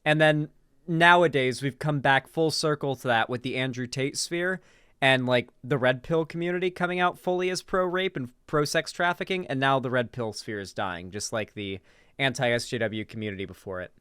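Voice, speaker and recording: A man's voice: medium pitch, moderate pace, fairly bright tone, clear, resonant tone, no room sound, studio quality. A young man reacting live to a video, chatting casually with lots of fillers, restarts and trailing thoughts. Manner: rambling, many fillers and restarts.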